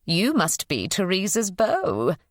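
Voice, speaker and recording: A woman voicing an elderly, kindly housekeeper with warm, proper, old-fashioned phrasing. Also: medium pitch, wildly swooping pitch, slow, no room sound, clean studio sound. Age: older.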